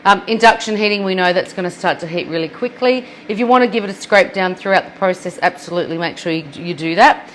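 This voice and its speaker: Australian woman, lowish voice, friendly cookalong host in a home kitchen, chatty, laughs at herself. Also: quick pace, hardly any pauses, slight background noise. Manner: chatty and self-deprecating, laughs at her own mess. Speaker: cooking demonstrator. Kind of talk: live cookalong demonstration.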